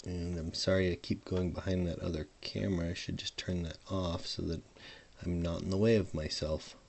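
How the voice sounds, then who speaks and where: A man's voice: sits low, steady tone, moderate pace, creaky, darkish tone, slight background noise. A man narrating his hardware soldering as he works, mumbling and trailing off mid-thought, at a home workbench, leaning in and out from a desk microphone. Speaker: hobbyist modder. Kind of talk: casual narration while soldering.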